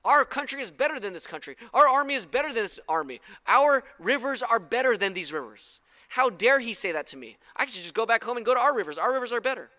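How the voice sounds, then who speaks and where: A man's voice: sits high, measured pace, sharp tone, clear, resonant tone, no echo, pitched above the performer's own voice. A man voicing a proud, indignant army general who boasts in huffy outbursts.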